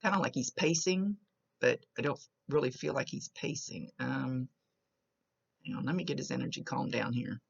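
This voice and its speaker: A woman's voice: a bass voice, normal speed, gravelly, husky, dull audio. A woman psychic medium talking through a reading to a client in a chatty way, describing what she sees as it comes, often restarting her sentences. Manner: chatty, describing visions as they come with restarts. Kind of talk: recorded reading monologue to a client.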